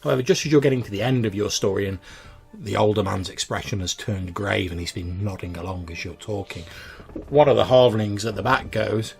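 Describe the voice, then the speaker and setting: A man narrating a tabletop roleplaying game as game master, casual and rambling with plenty of fillers. His voice is low and gravelly. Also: brisk, soft background music.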